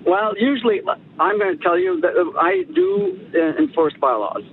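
Gravelly, high, lively male caller on a phone. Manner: halting, hesitant. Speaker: radio caller, bylaw officer. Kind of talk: phone-in call. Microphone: phone line. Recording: tinny phone line with a faint rumble.

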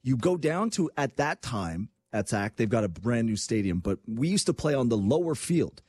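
A man hosting a radio talk show, talking in an energetic, rambling way. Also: medium pitch, moderate pace, slightly rough, no room sound. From Canada. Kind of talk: fast casual radio talk.

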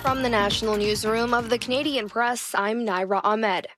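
A woman anchoring a radio newscast in a measured, formal delivery. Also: fairly high pitch, music in the background. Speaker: news anchor. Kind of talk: news reading. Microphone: studio mic.

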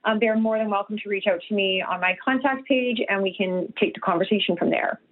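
A woman's voice: medium pitch, fairly quick. A middle-aged woman from Canada, a nutritionist talking earnestly as an interview guest over the phone, with many restarts and fillers. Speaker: guest, nutritionist and health coach. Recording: tinny phone line.

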